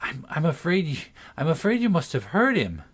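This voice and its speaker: A man's voice: on the high side, huge pitch swings, normal speed, voice pushed up. A man reading a storybook, voicing a polite and curious young girl with a prim, questioning manner.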